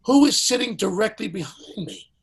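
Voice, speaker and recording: A man impersonating a commanding older male showbiz host who barks brisk, emphatic orders in a gravelly voice. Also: high-pitched, big pitch swings, pitched above the performer's own voice, exaggerated voice. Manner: snappy orders, raised and emphatic.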